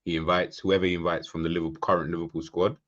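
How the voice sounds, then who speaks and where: A young man with a very deep voice talks through casual football banter, asking questions and building comic scenarios. His mic sounds dull and lo-fi, with the top end muffled. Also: level tone, very fast, a bit bright. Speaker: co-host.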